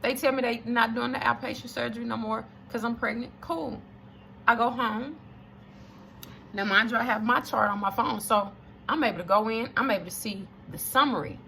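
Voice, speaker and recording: Woman in her 30s, preachy and emphatic, bright gravelly voice. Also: fairly high pitch, moderate pace, slight background noise. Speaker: storyteller addressing viewers. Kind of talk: casual testimony to camera.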